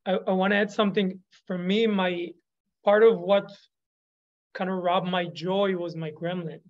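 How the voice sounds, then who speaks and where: A man on a muffled video call, speaking in a flat, level tone. He stammers and hesitates as he shares something personal with the group. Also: high-pitched, moderate pace. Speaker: group participant. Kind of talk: casual sharing in a group.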